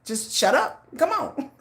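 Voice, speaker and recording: A middle-aged woman hosting a livestream, telling a story in blunt, laughing, animated casual chat. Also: sits high. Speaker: livestream host.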